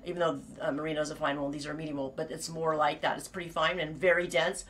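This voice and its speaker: Rambling, chatty woman with a lowish voice. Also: flat delivery, fast talker, a bit bright. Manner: rambling, self-interrupting, laughs often, swears casually. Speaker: knitting show host and sheep farmer. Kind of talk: casual live-stream chat. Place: at home on her farm.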